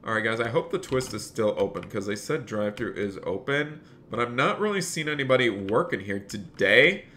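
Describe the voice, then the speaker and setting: Upbeat streamer greeting chat, bright voice. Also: male voice, mid-range voice, animated, brisk, slight background noise. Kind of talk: live-stream role-play commentary.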